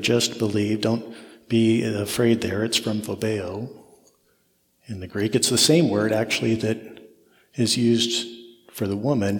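A man preaching an expository sermon, repeating phrases for emphasis as his intensity rises and falls. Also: medium pitch. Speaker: pastor. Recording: long reverb of a large hall.

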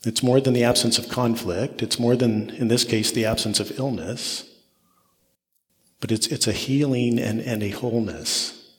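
A man's voice: medium pitch, moderate pace. A man preaching an expository sermon, repeating phrases for emphasis as his intensity rises and falls. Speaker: pastor. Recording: long reverb of a large hall.

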